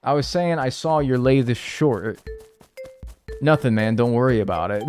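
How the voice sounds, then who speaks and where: A man's voice: mid-range voice, animated, normal speed, darkish tone. Joking, profane streamer man, faint music. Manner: rambling, profane, jokey banter with chat. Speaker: speedrunning streamer. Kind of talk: casual livestream chat while playing.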